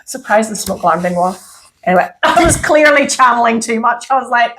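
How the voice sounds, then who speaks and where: A woman's voice: a little high, expressive, fairly quick, a bit bright, slight background noise. An Irish woman in casual chat, rambling and laughing often, acting out her own past lines. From Ireland. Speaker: podcast co-host.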